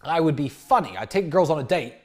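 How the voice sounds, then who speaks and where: A man in his thirties giving a brash, animated dating lecture, often acting out bits of dialogue. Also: on the high side, brisk. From United Kingdom. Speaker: dating coach. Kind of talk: lecture-style monologue.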